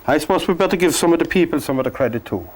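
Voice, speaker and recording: A man from Cork with an Irish accent, teaching a painting lesson in a gentle, joking, soft-spoken way. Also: on the high side, lively intonation, rapid-fire. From Ireland. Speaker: painting instructor. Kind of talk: painting lesson with chatty asides.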